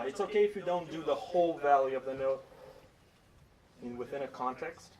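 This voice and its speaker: High-voiced conductor singing rhythms. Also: male voice, normal speed. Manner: sings rhythms in syllables while explaining. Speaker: orchestra conductor. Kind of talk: rehearsal instructions. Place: orchestra rehearsal room. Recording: distant voice with orchestra playing. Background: orchestra playing.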